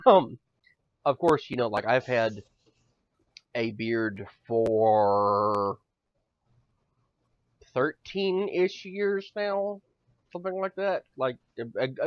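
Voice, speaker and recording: A man's voice: medium pitch, no room sound. Guy in his 30s on a chatty comedy podcast, swears a lot, mock bragging, dull lo-fi dry sound. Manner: loose and profane, swings between mock boasting and joking gloom. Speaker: podcast co-host. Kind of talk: casual comedic chat.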